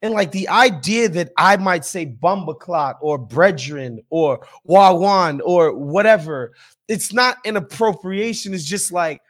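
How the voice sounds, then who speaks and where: A high-pitched man holds forth on a podcast, animated and emphatic. He swears freely and keeps a loose, conversational rhythm. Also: a little slow. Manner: profane, emphatic, animated ranting. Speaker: podcast co-host. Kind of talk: casual podcast chat.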